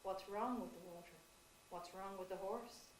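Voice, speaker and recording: A woman with an Irish accent playing a village mother-in-law in a stage play, chanting a lullaby in a soft, rhythmic half-whisper. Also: medium pitch, normal speed, slight background noise, close to an everyday voice. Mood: ominous. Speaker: stage actor. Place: theatre stage. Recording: echoey stage from far off.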